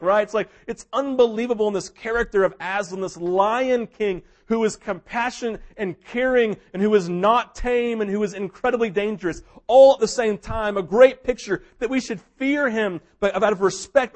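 A man preaching a sermon, telling a story with big swings between loud, excited passages and hushed ones, sometimes acting out what characters say. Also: high-pitched. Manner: mimics characters in quoted asides. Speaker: pastor.

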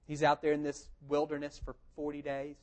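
A man preaching a sermon, telling the story in a lively conversational way and asking rhetorical questions. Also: fairly high pitch, brisk. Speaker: pastor. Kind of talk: expository sermon.

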